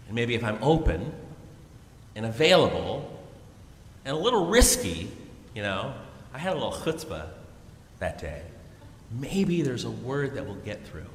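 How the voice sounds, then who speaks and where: A man, an Episcopal priest, preaching a sermon and telling a story in a lively, storytelling way with chuckles, in a large church. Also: fairly high pitch, a little hiss or hum. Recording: echoey hall with long reverb.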